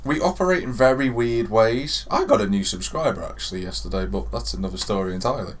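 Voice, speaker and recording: A man's voice: on the low side, animated, fast talker. A young man co-hosting a podcast in casual, jokey banter, swearing and slipping into put-on voices. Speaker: podcast co-host.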